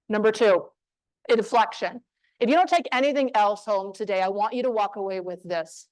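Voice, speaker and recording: A woman from New Mexico giving a motivational talk on voice skills to a live audience, emphatic and punchy with deliberate pauses. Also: medium pitch, a little mellow, dry recording, low-quality recording. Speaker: speaker on voice skills. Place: room with an audience.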